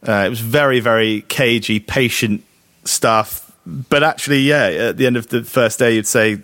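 A man co-hosting a casual cricket podcast, talking in a halting way full of restarts and fillers. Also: mid-range voice, a bit bright, no room sound. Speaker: podcast co-host.

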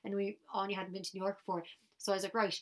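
A woman's voice: mid-range voice, flat delivery, rapid-fire. An Irish woman in her thirties, co-hosting a podcast and telling stories in casual chat, sometimes dropping to a whisper. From Ireland. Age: 30s. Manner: chatty, storytelling, drops into whispers. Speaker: podcast co-host.

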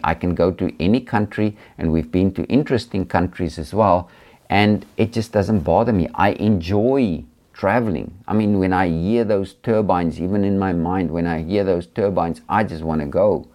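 Deep-voiced South African preacher. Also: male voice. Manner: earnest, gentle, with many hesitations. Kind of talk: personal testimony talk.

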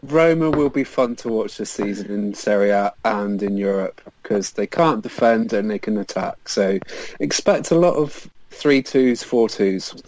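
A man's voice: fairly low pitch, lively intonation, a little slow, a little mellow, low-quality recording. A man co-hosting a football podcast, eagerly going into the detail of matches. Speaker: co-host. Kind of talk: casual football podcast chat.

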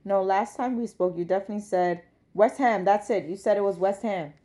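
A woman's voice: on the low side, moderate pace, darkish tone, natural voice. A woman doing a jovial old Jamaican man. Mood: flustered. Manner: playful, chuckling, patois-tinged phrasing. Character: elderly Jamaican man in England, jovial, teasing.

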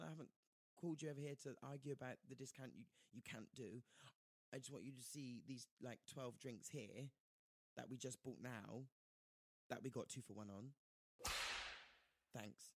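A man's voice: medium pitch, normal speed, long pauses, husky, no room sound. A man telling a story in casual chat, acting out the people he quotes. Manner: animated, acts out quoted voices, slangy.

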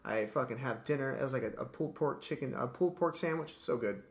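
A man's voice: medium pitch, fast talker. A man casually telling a long story in a podcast chat, laid-back and profane, dropping "dude" and "like" constantly.

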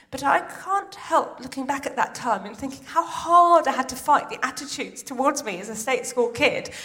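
A middle-aged woman performs stand-up comedy on a big theatre stage, her voice pitched high. She talks in a chatty, excitable way, darting into quick asides. She grew up in Iran. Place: large theatre stage with audience laughter.

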